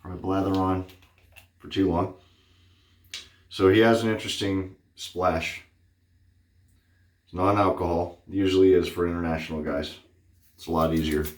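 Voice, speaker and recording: Male vlogger, low voice, chatty and rambling, slightly winded, roomy echo. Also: fairly even intonation, moderate pace, long pauses. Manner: rambling, chatty, many fillers. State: out of breath. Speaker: wet shaving vlogger. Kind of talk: casual shaving vlog.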